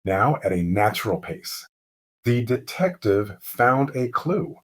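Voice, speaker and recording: A man narrating a mystery story slowly and clearly as host of a lesson for English learners. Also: medium pitch. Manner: calm, clear, deliberate.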